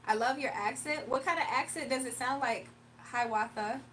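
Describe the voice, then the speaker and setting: A woman's voice: sits high, moderate pace, fairly bright tone, recorded from a distance, a little hiss or hum, low-quality recording. Chatty Southern woman on a livestream. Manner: chatty, laughs often, drawling slang. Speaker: livestreamer and spiritual reader. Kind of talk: casual livestream chat, reading comments aloud. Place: home room.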